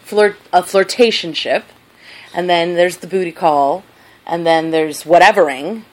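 A woman co-hosting a casual chat, her voice sitting a little low. She rambles playfully and stumbles through restarts as she works her thoughts out aloud. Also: measured pace, rough recording.

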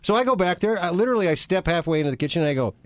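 A male TV news reporter visiting a radio show and telling stories on air with real animation. His fairly high voice moves up and down a lot, and it sounds dry and close on the studio mic. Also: very fast, no echo. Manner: animated, storytelling. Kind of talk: casual anecdote telling.

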